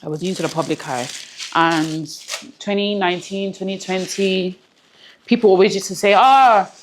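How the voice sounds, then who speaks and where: Against a noisy background, a woman with a fairly low, steady voice talks at a normal speed in an interview. Speaking earnestly and reflectively on a personal matter, she repeats phrases for emphasis and is close to tears at moments.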